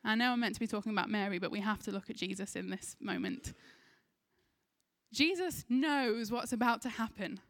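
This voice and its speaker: An English-accented woman preaches a sermon, her voice sitting a little high. She retells a scripture story earnestly and now and then slips into the voices of its people. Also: moderate pace, fairly bright tone. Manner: earnest storytelling, acts out quoted lines.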